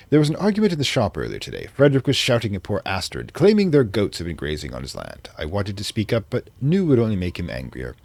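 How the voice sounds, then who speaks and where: A lonely seamstress from the 1920s pours out her diary in a soft, genteel voice with a vaguely British accent, as a man reads her entries aloud. The voice sits low but rises and falls a lot, and the recording is close and dry. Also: creaky, no room sound, heavily acted. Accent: vaguely British, put on. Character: lonely 1920s village seamstress, wistful diarist.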